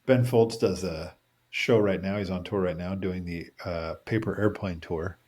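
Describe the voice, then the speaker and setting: A man co-hosting a podcast in casual chat, joking and hopping between random topics with big jumps in his voice. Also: moderate pace. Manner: jokey, jumps between random topics, animated swings in pitch. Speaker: podcast co-host. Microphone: studio microphone.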